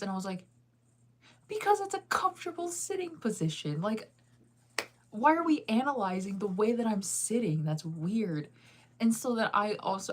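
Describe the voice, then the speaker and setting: A young woman chatting through a storytime with a slightly low voice. She is animated and laughs often. Her pitch leaps when she acts out her own lines. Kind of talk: casual storytime.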